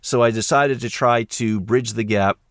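A man's voice: medium pitch, moderate pace, no echo, studio quality. An American man talking in casual podcast chat as an audiobook narrator guest, rambling along with plenty of fillers and restarts.

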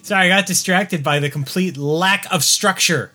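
Bright-voiced joking podcast host man. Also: sits high, normal speed, faint music behind. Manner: joking, self-deprecating, laughs often. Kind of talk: casual chat.

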